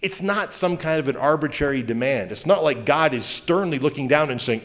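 A male pastor giving a sermon in a conversational manner, with joking asides and quick self-corrections. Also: fairly high pitch, lively intonation, fairly bright tone. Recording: long hall reverb.

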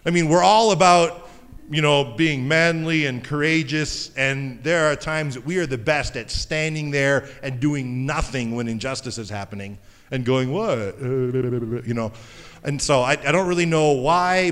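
A man preaching a sermon in a conversational, jokey way, with animated asides. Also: on the high side, a little slow, smooth. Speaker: pastor. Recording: long hall reverb.

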